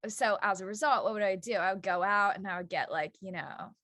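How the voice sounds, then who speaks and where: A woman's voice: mid-range voice, a little fast, pushed and bright, no room sound, studio quality. A woman who teaches yoga, a guest on a podcast, explaining earnestly and acting out the thoughts that run through her head. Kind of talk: casual chat.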